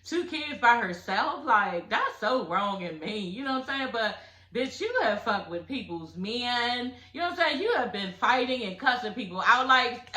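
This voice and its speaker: A woman's voice: a little high, pushed and bright, roomy sound. A woman recapping a reality show in casual, blunt, profane chat, laughing as she talks.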